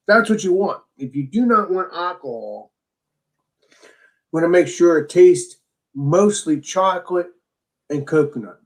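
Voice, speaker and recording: A man's voice: high-pitched, animated, normal speed, fairly bright tone. A man co-hosting a casual beer tasting chat, talking with enthusiasm and rambling restarts. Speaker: beer reviewer co-host.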